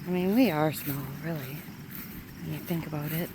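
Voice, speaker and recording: A woman with a somewhat low voice talks casually to her viewers while walking outdoors in a quiet valley. Her phone picks her up in the open air, with clear nature noise of water and insects all around. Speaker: vlogger. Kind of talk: casual nature walk vlog. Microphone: handheld phone camera. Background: rushing water, insects and birds.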